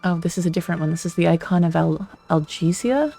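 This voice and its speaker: A let's play streamer reading a visual novel aloud in an even, flat delivery, with short asides of their own. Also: mid-range voice, quick pace, creaky, faint music behind.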